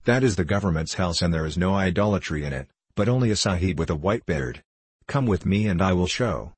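Cocky street kid, teasing and brash, husky low voice, as a man reads him. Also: animated, a little fast, no room sound. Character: bold street boy, cocky and quick.

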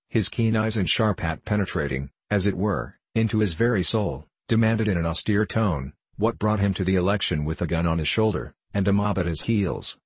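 A man reading a classic tale aloud as an audiobook narrator, in a steady, measured way. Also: sits low, breathy edge, no room sound.

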